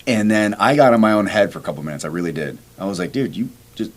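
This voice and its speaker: Deep-voiced man, lively storyteller. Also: rapid-fire. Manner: animated, acts out quoted dialogue. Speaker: podcast host. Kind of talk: casual storytelling chat.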